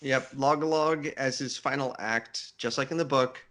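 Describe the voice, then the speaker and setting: A man's voice: medium pitch, a little slow. A man co-hosting a podcast in casual chat, joking and laughing often as he talks through the story. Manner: laughs often, lively and jokey. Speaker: podcast co-host.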